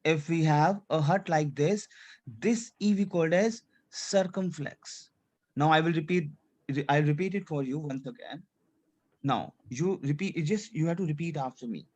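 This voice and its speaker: A man's voice: a little high, normal speed, a little mellow. A male French teacher running a class, repeating points and having students repeat after him, slipping French check-ins into his English. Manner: repetitive drilling, asks students to repeat; drops French checks like "c'est clair" into English. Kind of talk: language class instruction.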